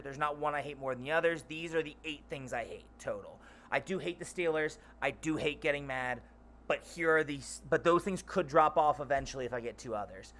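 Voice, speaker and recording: Loud, bright-voiced young man rambling. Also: fairly high pitch. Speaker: channel host. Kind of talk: rambling casual monologue.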